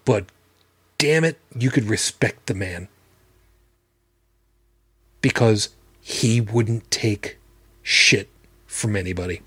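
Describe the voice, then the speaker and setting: Husky, blunt podcast host man. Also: fairly low pitch, animated, slow, pauses often, a bit bright, dry recording. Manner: blunt, profane, emphatic. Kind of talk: casual livestream talk.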